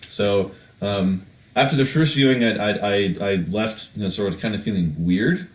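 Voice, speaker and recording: A man's voice: on the low side, normal speed, far from the mic. A man co-hosting a podcast, rambling casually with many restarts. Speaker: podcast co-host. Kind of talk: casual chat. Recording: echoey room.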